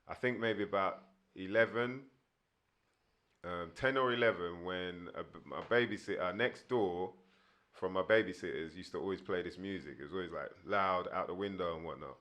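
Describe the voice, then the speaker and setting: Guy, lowish voice, chatty rambling interview guest, lots of ums. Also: normal speed, fairly bright tone. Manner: rambling with many fillers. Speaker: guest rapper. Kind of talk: casual storytelling interview.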